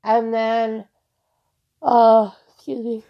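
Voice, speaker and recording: A woman's voice: a little high, monotone, very slow. A young woman hosting a casual solo podcast, rambling loosely with lots of "like" and the odd swear word. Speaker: podcast host. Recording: slightly dull lo-fi recording.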